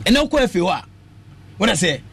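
A man's voice: high voice, big pitch swings, brisk, creaky, breathy edge. A man with a Ghanaian accent talking football passionately on a radio sports show, mixing English and Twi and breaking into sing-song phrases. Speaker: radio sports talk panelist. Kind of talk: animated radio sports talk.

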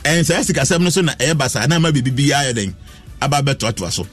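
A man's voice: mid-range voice, racing, faint music behind. A man with a Ghanaian accent telling stories on a radio talk show, mixing Twi and English animatedly. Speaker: astrologer guest.

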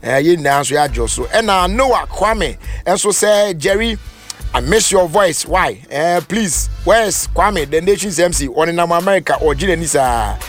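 A man with a Ghanaian accent hosting a live radio show, reading out listener messages in a chatty, animated way and often half-singing his words. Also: a little high, normal speed, soft background music. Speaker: radio host.

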